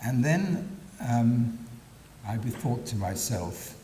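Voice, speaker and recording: A man giving a public lecture, hesitant with many pauses and fillers, adding dry wry asides. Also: sing-song, warm tone, distant mic. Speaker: guest lecturer. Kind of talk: public lecture with read-aloud excerpts. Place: large lecture hall. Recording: echoey lecture hall, faint rumble.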